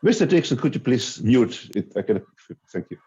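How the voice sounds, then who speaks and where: A conference speaker gives an online talk over a video call, relaxed and conversational, at a normal speed. His mid-range voice often hesitates and restarts, and the audio sounds dull and lo-fi.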